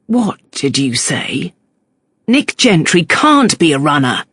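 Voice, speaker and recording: A gruff, surly police chief , as a narrator puts him on, blunt and exasperated. The read is dry and close-miked. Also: mid-range voice, big pitch swings, slow, a bit bright, dry recording, full character voice.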